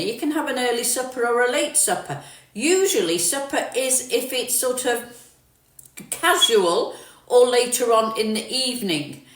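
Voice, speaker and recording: A middle-aged London woman with a southern English accent, partly northern-tinged, casually chats on a livestream, reading and responding to viewer comments. Her fairly high voice sounds a bit bright. Captured on a phone from a distance, the audio has an echoey room sound.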